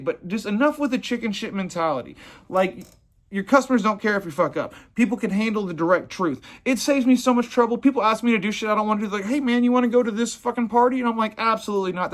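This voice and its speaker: Man, high-pitched, blunt and profane business owner, rambling talk. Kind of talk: casual motivational talk.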